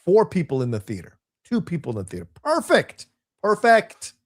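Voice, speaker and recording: A man's voice: medium pitch, huge pitch swings, quick pace, warm tone, slightly rough. A man co-hosting a casual podcast, reacting bluntly and with exaggeration. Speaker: co-host.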